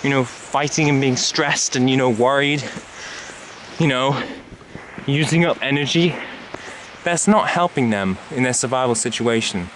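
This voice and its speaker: A man slightly out of breath from an uphill climb vlogs on a handheld camera, talking a little slowly in a medium, somewhat bright voice. His casual hiking talk rambles and muses with lots of fillers, over a faint hiss or hum.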